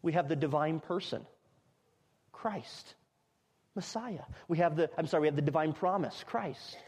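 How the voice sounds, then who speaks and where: A man preaching an expository sermon, emphatic, repeating phrases and building to loud climaxes. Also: a little high, steady tone, fast talker, in a large hall.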